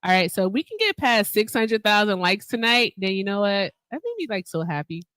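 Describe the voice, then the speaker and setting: A woman's voice: mid-range voice, expressive, brisk, fairly bright tone, no room sound. A woman co-hosting a livestream, chatty and upbeat, laughing often. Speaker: livestream co-host. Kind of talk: casual livestream chat.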